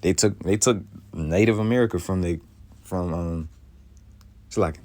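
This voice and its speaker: Man, very low voice, scripture reading with commentary, slow reading, emphatic casual asides. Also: a little mellow. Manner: reads old scripture slowly, then explains in loose casual speech. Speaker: bible teacher.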